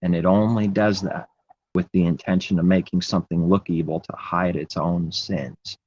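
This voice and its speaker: A man's voice: deep voice, steady tone, normal speed, darkish tone, slightly rough, lo-fi sound. A man preaching in an impassioned, rambling religious monologue, repeating his phrases.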